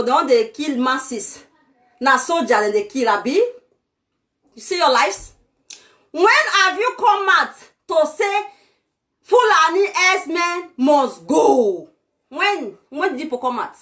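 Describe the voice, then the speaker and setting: Woman playing a haughty Nigerian ranter for a comedy skit, high and bright, mocking and contemptuous. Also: exaggerated voice. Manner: mocking, scornful ranting with laughs. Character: arrogant self-styled "lady of truth" woman, contemptuous. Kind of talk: comic impression skit.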